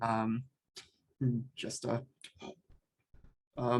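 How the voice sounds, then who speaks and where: A player in a tabletop game talks slowly and haltingly, with many pauses and fillers. The voice is mid-pitched, and his in-character lines come out humble and polite. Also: steady tone, fairly bright tone. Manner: slow, hesitant, humble in character.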